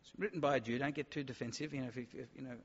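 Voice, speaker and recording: A man's voice: medium pitch, steady tone, racing, breathy edge. A man preaching a sermon, emphatic, sometimes acting out the voices of doubters. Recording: dull sound with long hall reverb.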